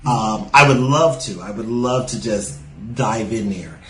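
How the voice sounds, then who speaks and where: This lowish-voiced man, a stand-up comic, chats at a measured pace as a guest on a casual podcast interview, using many "you know" fillers and a New York accent with a Southern lilt. Soft music plays behind him in a roomy, poor-quality recording.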